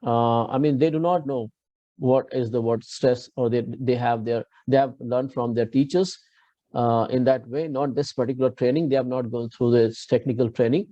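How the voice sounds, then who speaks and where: A man's voice: medium pitch, fairly even intonation, normal speed, mellow, dry recording, lo-fi sound. A man with an Indian English accent, giving a classroom lecture on English pronunciation, explaining patiently and asking students to repeat after him.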